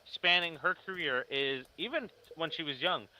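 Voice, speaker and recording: A man's voice: fairly high pitch, expressive, normal speed, pushed and bright, poor audio. A man co-hosting a casual podcast chat, talking emphatically and explaining his points at length. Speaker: podcast co-host. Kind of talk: casual horror movie chat.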